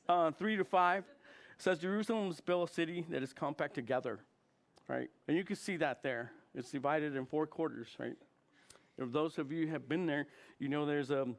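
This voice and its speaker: A chaplain in his fifties gives a loose, conversational sermon. His voice sits a little high for a man. He keeps it animated, laughing often and slipping into the voices of people he quotes. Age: 50s. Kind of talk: informal sermon talk.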